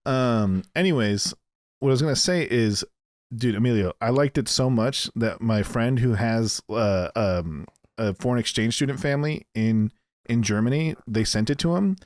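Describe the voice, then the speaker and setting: A man's voice: medium pitch, normal speed, darkish tone, no room sound. A man co-hosting a gaming podcast who talks in loose, rambling bursts full of restarts, fillers and casual swearing. His voice sits in a middle range and sounds dry and close, with little room around it. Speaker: podcast co-host. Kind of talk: casual chat.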